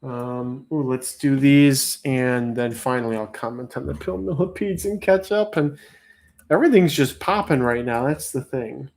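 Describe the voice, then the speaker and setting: A man's voice: medium pitch, creaky, darkish tone. A man hosting a casual livestream auction, rambling between lots and drawing out his bid calls. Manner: rambling, self-interrupting, drawn-out bid calls.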